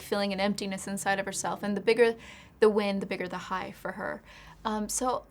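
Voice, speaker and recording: A woman's voice: medium pitch, a little hiss or hum. An actress being interviewed about her film, answering reflectively and at length in a candid way. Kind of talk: press junket interview.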